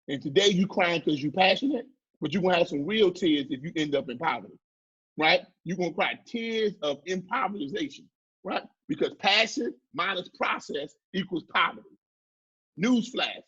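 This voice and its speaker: A high-pitched man delivers a preachy motivational business talk, full of call-and-response asides. His voice is husky, and the recording sounds dull and lo-fi. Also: fairly bright tone. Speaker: marketing speaker.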